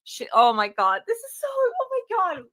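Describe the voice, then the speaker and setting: A woman hosting a live stream, reacting out loud to a video with exclamations and laughter. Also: high-pitched, wildly swooping pitch, normal speed. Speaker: true crime streamer.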